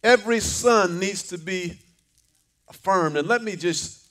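An older man, a pastor, preaches a fervent sermon in a high, fairly bright voice at an unhurried pace. He uses call-and-response lines and repeated words.

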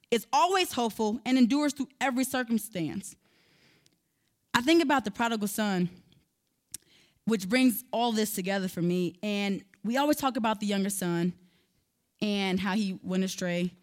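A woman's voice: medium pitch, normal speed, long pauses. A woman preaching a sermon in a conversational way, building to emphatic, rising passages.

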